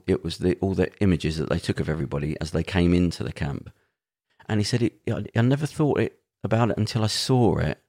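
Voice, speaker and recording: A man with a very low, gravelly voice, talking quickly on a casual podcast. He tells stories in a rambling, earnest way and often restarts his sentences. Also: a little mellow. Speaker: podcast co-host.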